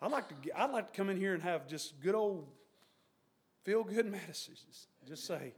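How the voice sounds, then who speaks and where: Male pastor, very high voice, preaching with bursts of shouting and mocking quoted voices. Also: lively intonation, moderate pace, slightly rough. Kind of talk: sermon.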